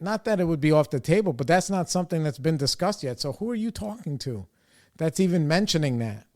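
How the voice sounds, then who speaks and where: A young man with a fairly high voice hosts a podcast and tells a story in loose, casual chat. He swears freely and acts out the people in his story with exasperated energy. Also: quick pace. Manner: profane, animated, exasperated retelling. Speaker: podcast host.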